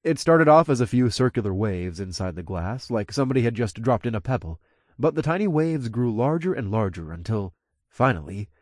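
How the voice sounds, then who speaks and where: A man's voice: mid-range voice, sing-song, fairly quick, darkish tone, dry recording. A man narrates an audiobook in the first person, his voice moving freely up and down as he tells the story. The recording is close and dry.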